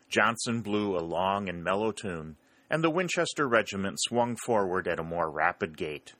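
A male narrator reading a historical novel in a steady, plain way. His voice sits on the low side yet sounds bright and forceful. The recording is dry with no room sound. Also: normal speed, dry recording. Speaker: audiobook narrator. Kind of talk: storybook narration.

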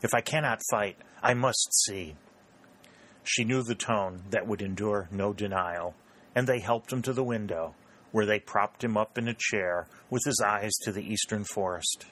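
This is audiobook-style narration of a historical novel: a man with a deep voice reads it steadily from a script, keeping his pace calm and even.

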